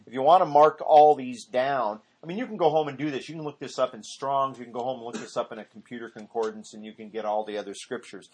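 A man's voice: mid-range voice, slightly rough. A man teaching an informal Bible study, rambling off on tangents and correcting himself as he goes.

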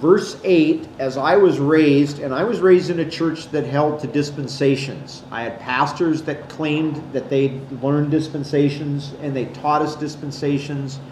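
A man's voice: on the high side, fairly even intonation, a little slow, hardly any pauses, a little mellow. A man giving an explanatory Bible teaching to a class, pointing things out on a board. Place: classroom or church hall. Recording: echoey room, faint background noise.

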